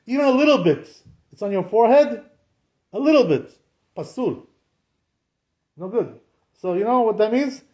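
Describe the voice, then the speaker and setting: Here the rabbi's voice sounds high yet dark, with the highs rolled off. He teaches Jewish law informally, chatting along, posing question after rhetorical question and weaving in Hebrew and Aramaic terminology.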